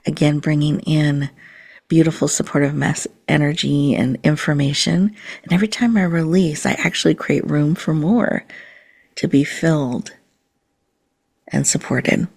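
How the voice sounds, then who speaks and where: A woman hosting a podcast, leading listeners through a slow, soothing mindfulness and breathing exercise. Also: deep voice, vocal fry, darkish tone, breathy edge. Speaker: podcast host.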